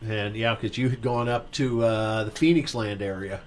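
A man's voice: lowish voice, steady tone, moderate pace. A man from Indiana hosting a radio wine show, chatting casually and joking with his co-host and listeners.

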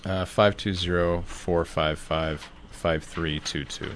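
Deep-voiced, relaxed male co-host. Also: slow, a little hiss or hum. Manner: relaxed, agreeable, brief replies. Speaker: radio show co-host. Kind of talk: casual radio chat.

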